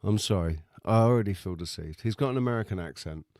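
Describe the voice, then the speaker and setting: Sarcastic low-voiced Englishman. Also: fast, background noise. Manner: dry, sarcastic, swearing. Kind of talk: casual chat.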